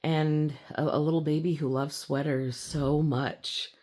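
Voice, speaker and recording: Slow-talking giggly young woman. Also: fairly even intonation, a little mellow. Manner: giggly, halting, full of fillers and restarts; slips into a squealing high voice when acting out her younger self. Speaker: vlogger. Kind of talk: casual personal vlog.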